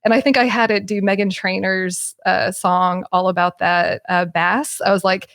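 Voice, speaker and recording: A woman talking casually as a podcast guest, animated, with many fillers and restarts. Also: mid-range voice, moderate pace, few pauses, no echo, clean studio sound. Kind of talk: casual conversation.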